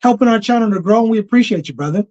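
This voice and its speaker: High-pitched guy hosting a livestream, loose slangy chat, dull lo-fi sound. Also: animated, very fast, dark tone. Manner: loose, laughing, slangy talk with many restarts. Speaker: livestream host. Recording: dull lo-fi stream audio.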